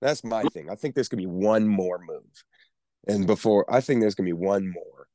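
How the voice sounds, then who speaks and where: Low-voiced male co-host, rambling casual sports talk, dry close sound. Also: moderate pace, dark tone, no echo. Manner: rambling, stumbles over words. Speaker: podcast co-host.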